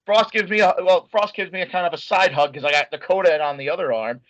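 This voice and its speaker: A young man, an interview guest, telling a story in an excitable, animated way with lots of "like" and restarts. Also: sits high, fast talker. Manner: many filler likes and restarts. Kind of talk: casual storytelling. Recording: dull lo-fi dry sound.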